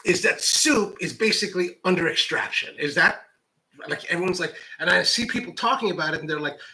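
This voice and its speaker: Coffee-pro man from the US, casual to-camera host; bright, slightly raised voice, rambling and self-deprecating. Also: high voice, brisk, rough recording. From United States. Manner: rambling, lots of "like" and restarts. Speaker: coffee professional and channel host.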